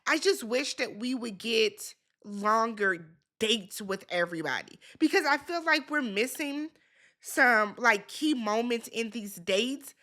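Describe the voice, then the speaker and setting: A woman's voice: on the high side, animated, takes it slowly, fairly bright tone. A woman recapping a reality dating show in a casual, sassy way, talking back to the people on screen. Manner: chatty, with laughs and filler words.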